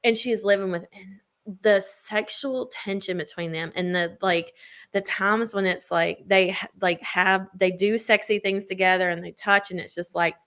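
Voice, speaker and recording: Woman co-host, chatty and gushing, average pitch, loose filler-laden storytelling. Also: steady tone, moderate pace, a bit bright. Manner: gushing book recap full of "like" fillers. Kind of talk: casual chat.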